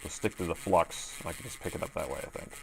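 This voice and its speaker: In a low, creaky voice with a darkish tone, a middle-aged man talks quickly while live-streaming repairs from an indoor bench. He's chatty, reasoning aloud and muttering to himself during the work.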